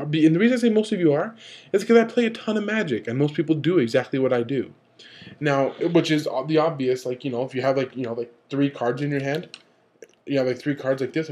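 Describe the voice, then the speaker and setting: A young man hosting a casual vlog, talking in a rambling, animated way and acting out what other players say. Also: mid-range voice. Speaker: vlog host.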